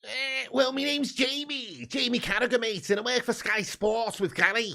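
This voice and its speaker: A man putting on an impression of a foul-mouthed male football pundit, loud and rambling. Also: very high-pitched, normal speed, creaky, pitched above the performer's own voice, exaggerated voice. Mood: brash.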